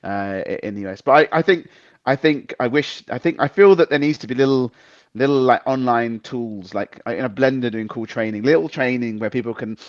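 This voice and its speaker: A male podcast host chats in a relaxed way and gets enthusiastic as he relays anecdotes from people he knows. His voice sits at an ordinary middle pitch. The audio is dull and lo-fi, as if it came through a lower-quality line. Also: a little fast. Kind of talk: casual chat.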